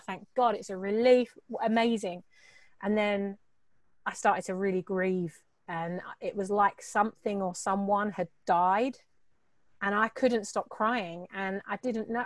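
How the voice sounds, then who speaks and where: A middle-aged woman, a guest entrepreneur, telling her story in a candid, animated way, swearing and laughing as she acts out quoted voices. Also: medium pitch, no echo.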